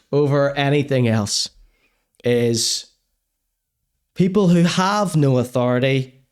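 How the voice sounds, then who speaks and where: A man hosting a live-streamed comedy show, ranting crudely in mock seriousness and then apologising over and over. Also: mid-range voice. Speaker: podcast host. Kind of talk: live-streamed comedy rant and chat reading.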